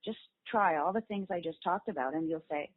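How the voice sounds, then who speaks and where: A woman voice actress being interviewed, animatedly explaining how she builds voices, sometimes dropping into quick demo voices. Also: deep voice, breathy edge. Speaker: voice actress guest. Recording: phone-like lo-fi call audio.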